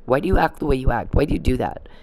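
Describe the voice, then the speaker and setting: A woman's voice: very deep voice, animated, racing, dark tone, dry recording. A woman vlogging in a rambling, indignant to-camera rant, swearing freely.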